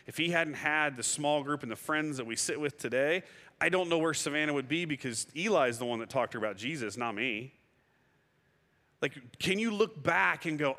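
Bright-voiced man preaching in a church. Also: medium pitch. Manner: animated storyteller, acts out his own past words. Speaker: guest pastor. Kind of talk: sermon with personal stories. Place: church sanctuary. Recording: long hall reverb.

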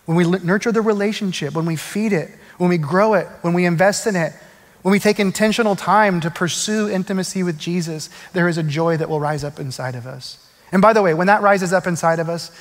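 A man preaching a conversational sermon as pastor. He slows down on key phrases and gets louder and livelier when he is excited. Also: high-pitched, long reverb tail.

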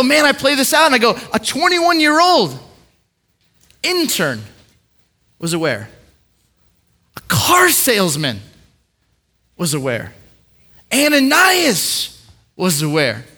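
A male preacher giving a sermon, telling a story with many repeated words, swinging between hushed and loud moments. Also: high voice. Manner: repeats words, quick asides.

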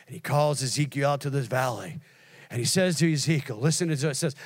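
A middle-aged man preaching a sermon as pastor, swinging from hushed, near-whispered lines to loud, emphatic preaching. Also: medium pitch, fast.

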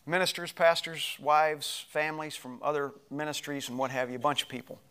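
A middle-aged male pastor telling a personal story in a sermon, animated and moving between loud passages and hushed ones. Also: a little high, brisk, smooth.

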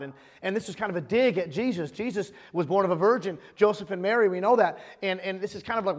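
A man's voice: high-pitched, quick pace, long reverb tail. A man preaching a sermon as pastor in a church sanctuary. He talks emphatically, often restarts phrases and reads scripture aloud.

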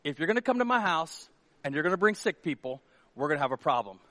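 A middle-aged male pastor delivers a sermon in an animated, joking storyteller's manner. His voice sits fairly high for a man. The sound is dry and close, with little room around it. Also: fast, no echo. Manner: animated, jokey storytelling with acted asides.

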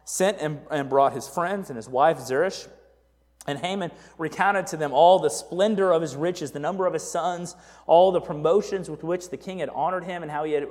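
A man preaching as a pastor in a casual, animated sermon who often checks in with "right?". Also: on the high side. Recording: echoey hall reverb.

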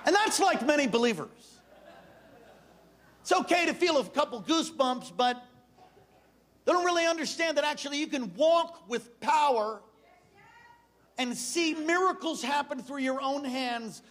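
A middle-aged man preaching a sermon, intense and animated, telling stories and jumping into high voices for characters. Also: measured pace, long pauses.

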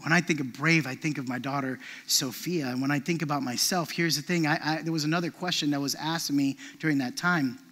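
A man preaching a sermon as a pastor, telling animated stories with frequent restarts. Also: on the high side, a little fast, hardly any pauses. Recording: long reverb of a large hall.

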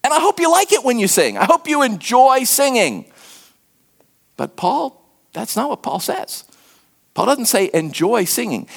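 A man preaching a sermon as pastor, telling stories and acting out quotes, sometimes dropping to a hushed near-whisper for emphasis. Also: big pitch swings, unhurried, vocal fry, long pauses. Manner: storytelling, acts out quotes with sudden pitch jumps.

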